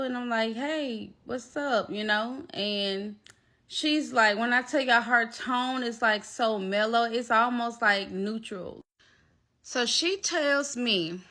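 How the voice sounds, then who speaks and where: A woman telling a storytime vlog, animated and talking straight to her viewers. Her voice is bright and forward. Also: a little high, gravelly. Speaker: vlogger.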